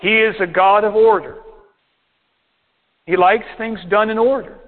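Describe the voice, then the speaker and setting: A man with a high-pitched voice preaches to his congregation as their pastor, reading out verses and explaining each one in turn. He slows down to stress his key points. The sound is thin and tinny, like a phone line. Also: fairly even intonation. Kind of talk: sermon.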